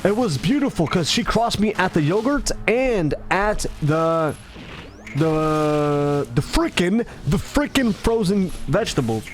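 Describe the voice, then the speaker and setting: Animated high-voiced male commentator. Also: slow, soft background music. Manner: animated, self-mocking, acts out his own lines. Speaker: gaming commentator. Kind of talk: casual rambling commentary.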